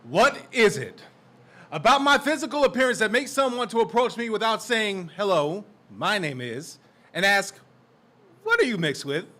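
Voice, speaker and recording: A man from Portland, Oregon takes the open mic with a defiant spoken word piece, his voice sitting a little high for a man. He is profane and intense and climbs into shouted lines, heard through a stage microphone in a community center. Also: very animated, moderate pace. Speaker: performing poet.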